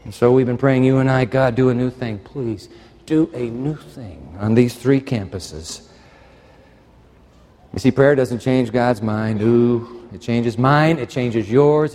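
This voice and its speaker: Male pastor, sermon delivery, impassioned, hushed to fervent, long hall reverb. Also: mid-range voice.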